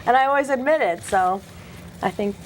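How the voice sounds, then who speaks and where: Higher-voiced woman co-host, chatty and self-mocking, faint room noise. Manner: chatty, quick to laugh, self-deprecating. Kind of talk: casual studio chat.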